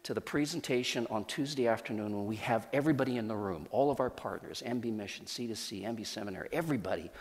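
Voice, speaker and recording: A man's voice: lowish voice, quick pace, few pauses. A man, a church leader, telling a personal testimony in an earnest storytelling way, with frequent restarts and repeated words. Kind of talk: testimony sermon. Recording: long hall reverb.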